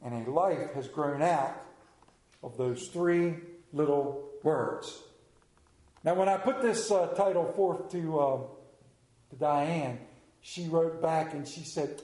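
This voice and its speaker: Man, high voice, mellow tone, lively storytelling sermon. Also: slow pace, roomy sound, poor audio. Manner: lively, acts out quoted voices.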